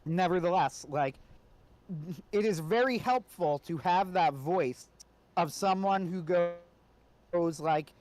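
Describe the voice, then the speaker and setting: A man's voice: high-pitched, a little slow, darkish tone, no room sound. A man co-hosting a casual podcast discussion, talking conversationally and often checking in with "right?". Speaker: co-host.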